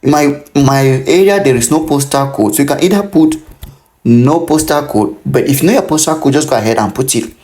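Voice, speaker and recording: A man's voice: a little high, expressive, brisk, a little mellow. A man in his thirties from Cameroon, hosting a step-by-step tutorial and talking the viewer through filling in an online form, often repeating that they must pay close attention. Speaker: tutorial host. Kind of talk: screen-recorded how-to walkthrough.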